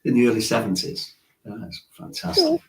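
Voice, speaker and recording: A man's voice: medium pitch, wildly swooping pitch, a little fast, fairly bright tone. A man, a musician telling stories in a casual interview and chuckling often. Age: 60s. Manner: chatty storyteller, chuckles often. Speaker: musician guest. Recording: roomy echo.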